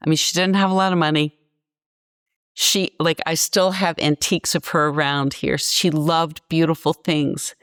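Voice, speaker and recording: A woman's voice: sits low, no echo, studio quality. A woman in her sixties from Virginia, telling stories bluntly and passionately as a podcast guest. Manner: passionate, blunt, animated storytelling. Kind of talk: candid podcast interview.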